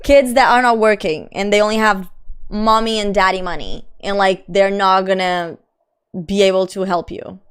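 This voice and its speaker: A woman's voice: mid-range voice, steady tone, normal speed, smooth. A young adult woman streamer chatting casually and reading her chat aloud. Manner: chatty, reads chat aloud, frequent laughs and "like".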